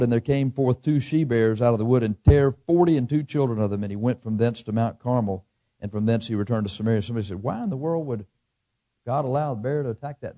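This preacher has a warm, mid-range voice and reads Bible passages with a King James rhythm. Between readings he tosses in homespun asides and laughs at his own humor.

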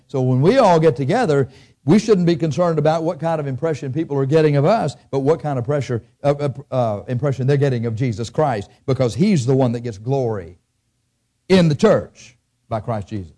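Mellow-voiced male preacher. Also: mid-range voice, lively intonation, a little fast. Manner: conversational preaching with rhetorical questions. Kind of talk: sermon. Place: church.

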